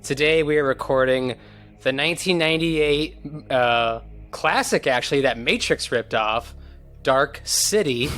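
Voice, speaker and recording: A man's voice: mid-range voice, unhurried, a bit bright, soft background music. A man hosting a podcast in casual chat, jokey and rambling. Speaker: podcast host.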